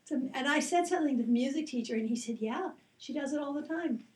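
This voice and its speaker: High-voiced woman, chatty anecdote among friends, recorded off mic. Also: fast talker, a crowd in the background. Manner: chatty anecdote full of "like" and self-corrections. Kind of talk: casual storytelling among friends. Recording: roomy sound from a distance.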